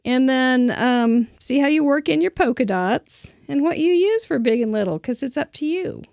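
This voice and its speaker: Creaky-voiced woman hosting a craft show. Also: sits high, lively intonation, normal speed, a little mellow, no echo, studio quality. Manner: chatty, laughs often. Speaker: host. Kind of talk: casual crafting chat.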